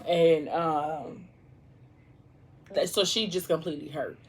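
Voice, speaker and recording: A woman's voice: sits low, steady tone, slow, husky. A woman vlogger casually retelling a novel's plot while eating, rambling and full of fillers. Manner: rambling, heavy use of "like" and "you know".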